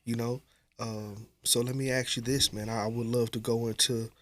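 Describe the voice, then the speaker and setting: A man hosting a podcast, asking his guest questions and encouraging him with quick, short reactions. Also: mid-range voice, flat delivery. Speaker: podcast host. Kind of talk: casual chat.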